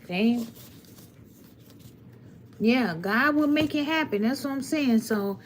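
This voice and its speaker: A woman with a voice on the high side takes it slowly, with slight background noise from a webcam or phone mic. As a tarot reader on a live stream, she gives a blunt, preachy reading and talks straight to her viewers.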